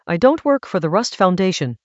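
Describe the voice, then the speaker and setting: Man voicing a suave mustached hustler, overfamiliar, theatrical, lively swings in pitch, dry dull sound. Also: a little fast, dry recording. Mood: smug. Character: pushy suave mustached man in lab coat.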